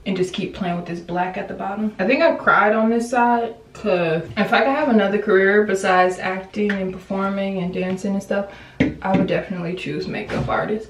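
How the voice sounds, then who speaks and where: A woman's voice: medium pitch, fairly quick, slight background noise. A young woman talks through her makeup routine in a loose, chatty way, drifting into playful asides. Her voice sits in the middle range and comes across a little distant, with a roomy echo around it. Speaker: beauty vlogger. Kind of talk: casual makeup tutorial chat.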